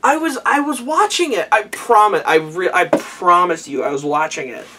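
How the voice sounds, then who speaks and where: Tipsy young dude rambling, kinda high voice, restarting sentences, sounds a bit far from the mic. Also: male voice, expressive, moderate pace, sharp tone, slight background noise. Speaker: vlogger recapping an anime. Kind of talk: rambling casual recap. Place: small warm room indoors.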